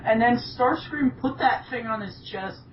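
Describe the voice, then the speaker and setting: A young woman in a casual fan chat, excitable and swearing, quoting her own reactions. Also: fairly high pitch, moderate pace, a little hiss or hum. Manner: excitable, swears, quotes herself. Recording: echoey room, dull lo-fi sound.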